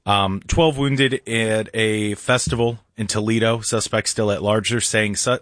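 A man's voice: lowish voice, fairly even intonation, a little slow, fairly bright tone, no echo, clean studio sound. A man hosting a morning talk radio show, chatty and laughing often, now and then mimicking other voices.

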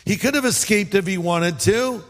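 A man's voice: high voice, moderate pace, a bit bright, big-room sound. A man from California preaching a sermon in a conversational way, acting out quotes and adding asides. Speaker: pastor.

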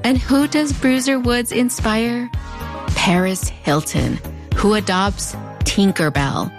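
A woman's voice: fairly high pitch, takes it slowly, music in the background. A woman in her thirties or forties with a fronterizo border accent, narrating a commentary in a wry, conversational way with playful asides. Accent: Mexican border (fronterizo). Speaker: video essay host.

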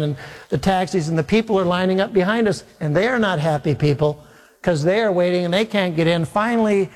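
A male pastor telling a wry, animated story during a sermon. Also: high-pitched, in a large hall. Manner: animated, wry anecdotal delivery.

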